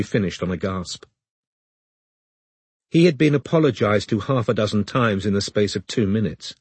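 A man narrating an audiobook in a measured storytelling manner, close to the mic. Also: lowish voice, a little mellow, slightly rough, no room sound.

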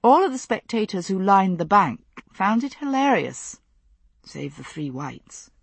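A woman reading a novel aloud as narrator, in a steady, measured storytelling manner. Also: mid-range voice, gravelly, breathy edge, dry recording. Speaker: audiobook narrator. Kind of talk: scripted narration.

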